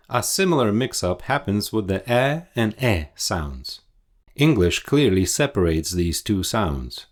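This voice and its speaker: Male dialect coach, fairly low voice, unhurried and deliberate delivery, scripted teaching voice-over. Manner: measured, explanatory, deliberate.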